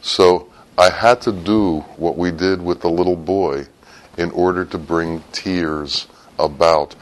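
Man preacher, very low voice, sermon storytelling that rises into sudden emphatic bursts. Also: fairly even intonation, slow pace, poor audio. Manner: swings from low and quiet to sudden loud, high bursts.

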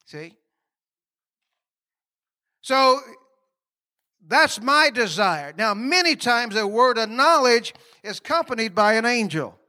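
A man's voice: extremely high pitch, animated, slow, pauses often, sharp tone. A man preaching a sermon in a folksy, conversational way, with laughing asides and questions put to the congregation.

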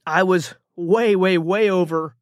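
Casual, slightly high-voiced male podcast host. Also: unhurried, dry recording, studio quality. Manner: casual, rambling, with frequent fillers and restarts. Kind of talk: motivational storytelling monologue.

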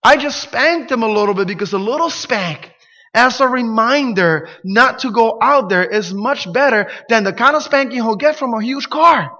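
A pastor preaches with a high, bright voice, acting out the lines he quotes. His sermon rings through a reverberant hall. The recording sounds dull and muffled. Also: moderate pace. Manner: animated preaching, acts out quotes, grows louder and emphatic.

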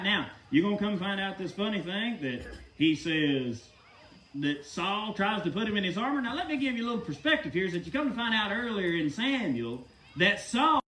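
A man's voice: high-pitched, bright, forceful tone, roomy sound, far from the mic, slight background noise. A man preaching a sermon in an emphatic, folksy way, often asking the listeners rhetorical questions.

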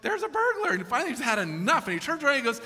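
A man preaching a sermon, telling a story with animated asides and reading scripture. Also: very high voice, racing. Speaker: pastor. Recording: echoey hall.

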